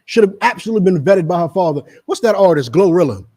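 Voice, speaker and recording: Man, middle-aged, preaching-style commentary, emphatic, lecturing, repetitive, high voice. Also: animated, quick pace, dark tone. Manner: emphatic, repetitive, lecturing, addresses others by name. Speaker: religious group speaker on a radio show.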